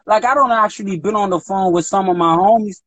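A man co-hosting a casual chat show, telling animated stories with quick put-on voices for the people he quotes. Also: high voice, dry recording. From DMV area of the US. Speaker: podcast co-host.

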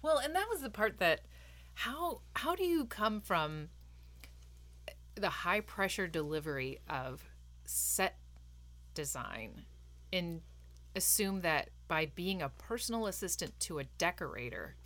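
A woman co-hosting a podcast, chatting about a movie, animated and quick to laugh. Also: lowish voice. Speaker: podcast co-host. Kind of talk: casual movie-review chat.

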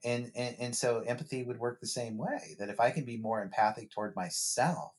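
A male therapist chats on a podcast at a middle pitch. He is reflective and loose, circling back with repeated words and restarts as he works through his ideas. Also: a little fast. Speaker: therapist guest. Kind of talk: casual podcast conversation.

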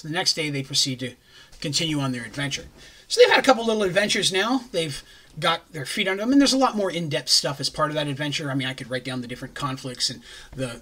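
A man's voice: on the high side, pushed and bright, breathy edge. A man recapping a tabletop campaign in a casual, rambling way, with jokey asides. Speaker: game master recapping a campaign.

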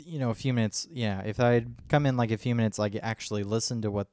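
A man's voice: mid-range voice, fast, darkish tone, no room sound, clean studio sound. A man co-hosting a podcast, rambling through a story with many restarts and acted-out quotes. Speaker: podcast co-host. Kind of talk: casual chat.

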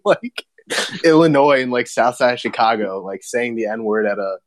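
A man's voice: mid-range voice, animated, a little slow, dry recording. A man hosting a podcast in casual chat, rambling and laid-back, laughing often and swearing, recorded over a remote voice chat. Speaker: podcast host.

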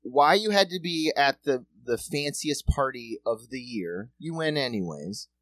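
A man's voice: mid-range voice, lively intonation, a little slow, fairly bright tone, dry recording. A man co-hosting a podcast, cracking jokes and swearing freely in casual chat. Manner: wisecracking, swears a lot. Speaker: podcast co-host.

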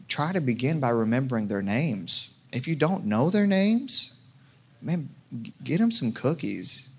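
A pastor preaching a casual, conversational sermon with jokes and frequent restarts. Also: male voice, medium pitch, vocal fry, breathy edge. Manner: conversational, jokey, many restarts.

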